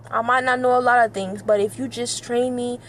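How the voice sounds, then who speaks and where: A young woman with a fairly high voice talks straight to the camera in an earnest, passionate vlog, circling back over the same words again and again. A faint hum of ambience and passing traffic sits behind her. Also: fairly bright tone. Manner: earnest, passionate, repetitive, tearful at times. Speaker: vlogger. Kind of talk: emotional personal vlog.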